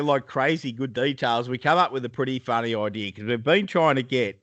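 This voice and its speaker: A man's voice: medium pitch, brisk, fairly bright tone, dry recording. An Australian man co-hosting a podcast, telling stories casually and laughing often. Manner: laughs often, easygoing storytelling. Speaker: podcast co-host. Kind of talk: casual banter.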